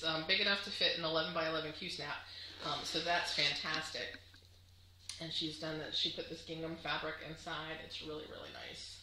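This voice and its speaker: A woman's voice: low voice, pushed and bright, reverberant, slight background noise, rough recording. A woman chatting casually to camera on her crafting vlog, gushing and chatty with lots of fillers. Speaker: crafting vlogger.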